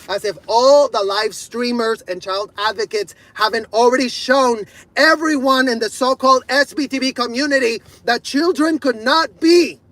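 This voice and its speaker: A man ranting to camera in fury, swearing heavily, repeating his points and bursting into shouts. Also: very high-pitched, no echo, rough recording. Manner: furious, profane, repeating himself, bursts of shouting. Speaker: video creator. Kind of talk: angry rant to camera.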